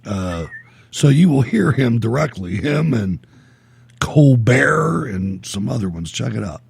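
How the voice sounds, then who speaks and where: Gravelly, husky talk radio host. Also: male voice, mid-range voice, a little slow. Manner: blunt, animated, laughs often. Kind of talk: call-in talk radio chat.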